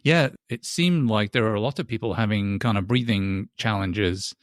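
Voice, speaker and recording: A man's voice: fairly low pitch, moderate pace, no room sound. Curious male interviewer, dry sound. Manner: curious, asks long, winding questions. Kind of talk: podcast interview.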